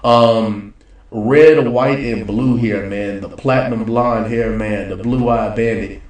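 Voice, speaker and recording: A man's voice: on the low side, steady tone, slow pace, a little mellow. A young man talking casually and predicting wrestling results, in a loose, slangy, rambling way. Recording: roomy echo, voice a bit far from the mic.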